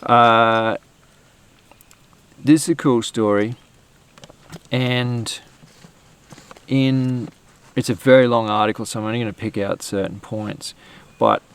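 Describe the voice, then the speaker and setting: A man's voice: medium pitch, fairly even intonation, takes it slowly, long pauses, smooth. An Australian man hosting an outdoor podcast, chatting casually and rambling with fillers and restarts. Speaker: podcast host.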